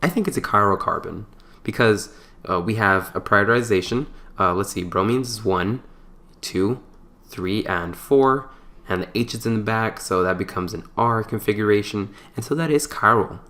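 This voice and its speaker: A man giving a casual chemistry lesson, explaining step by step in a relaxed, chatty way with playful asides and small stumbles. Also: lowish voice, moderate pace. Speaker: chemistry tutor. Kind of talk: casual whiteboard lecture.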